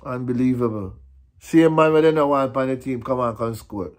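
A man's voice: medium pitch, normal speed, a little mellow. A Jamaican man ranting on his vlog, frustrated and repetitive, slipping between patois and English. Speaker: vlogger.

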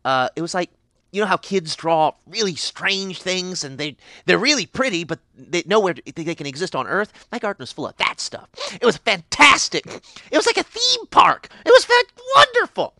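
A man voicing an ancient, cheerfully unhinged pixie in a fan animation, rambling with sudden high squeals. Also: lively intonation, moderate pace, sharp tone, dry recording, exaggerated voice. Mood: giddy rambling. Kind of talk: character monologue for fan animation.

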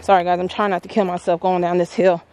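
A woman vlogging outdoors at an old stone landmark, chatting excitedly to her viewers on a handheld phone camera. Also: lowish voice, quick pace. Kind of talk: casual vlog narration. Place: outdoors at a historic stone furnace.

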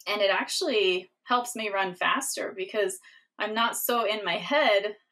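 This woman hosts a podcast and speaks in a relaxed, chatty voice of middling pitch. She laughs often and brightens when she acts out her own thoughts. Her talk is friendly and conversational. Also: a little slow. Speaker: podcast host, doctor. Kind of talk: casual conversational interview.

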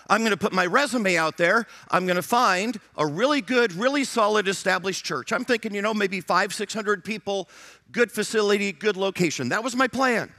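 A man's voice: high voice, moderate pace, sharp tone, dry recording, studio quality. A middle-aged man preaching a sermon as pastor, emphatic, repeating his phrases and acting out prayers and dialogue.

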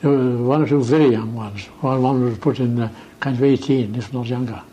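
A man's voice: mid-range voice, fairly even intonation, fairly quick, dark tone, muffled recording. An older veteran man recounting his memories in an archive oral-history interview, understated and amused. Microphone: archival interview recording.

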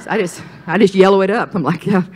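A woman preaching a sermon with dramatic dynamics. She builds to loud, ringing declarations and then drops to hushed whispers. She often calls on the congregation to repeat her words. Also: mid-range voice, fast, husky.

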